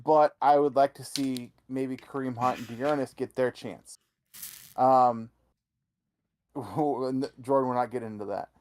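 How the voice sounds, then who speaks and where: A man's voice: mid-range voice, fairly even intonation, measured pace, darkish tone, slight background noise. A man co-hosting a sports podcast, giving blunt opinions in casual chat with many "you know" fillers. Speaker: podcast co-host.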